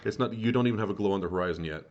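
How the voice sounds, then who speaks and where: A man running a tabletop game as game master, chatty and relaxed, rambling with lots of ums. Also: on the low side, rapid-fire, a crowd in the background. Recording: dull lo-fi mic.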